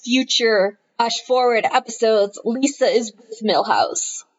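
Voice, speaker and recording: A woman's voice: a little high, a little slow. Chatty woman, slightly muffled. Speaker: podcast co-host. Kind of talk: casual chat. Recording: slightly dull, lo-fi sound.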